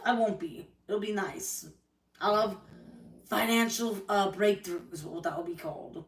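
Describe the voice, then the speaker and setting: A woman's voice: mid-range voice, a little slow, distant mic. Woman, livestream rant: hurt, angry, swearing, in an echoey room away from the mic.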